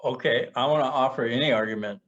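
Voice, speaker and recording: A man's voice: medium pitch, fast talker, fairly bright tone. A middle-aged man talking in a reflective, earnest way in a casual conversation. He often stumbles and repeats words while he searches for his thoughts. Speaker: podcast co-host sharing personal experience. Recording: muffled lo-fi podcast audio.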